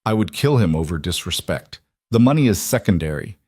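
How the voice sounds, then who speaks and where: A man's voice: low voice, very animated, breathy edge, dry recording, studio quality, exaggerated voice. Man playing a cold Italian crime boss. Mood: menacing. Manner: deliberate, quietly menacing.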